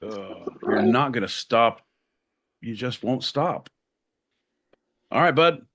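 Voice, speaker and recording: A husky man co-hosting a podcast, swearing freely and sounding exasperated. His pitch jumps about with expression. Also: animated, slow, a bit bright, no echo. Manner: exasperated, profane. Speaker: podcast co-host. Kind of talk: casual banter.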